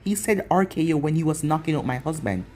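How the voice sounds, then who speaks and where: A man's voice: a little high, expressive, quick pace, darkish tone, slight background noise, natural voice. A man voicing a frightened village mother telling what happened. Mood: shaken.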